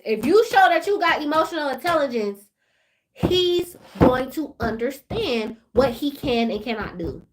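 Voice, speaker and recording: High-voiced woman telling a lively story. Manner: animated, laughing, talks straight to viewers. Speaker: vlogger. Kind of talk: casual storytime rant.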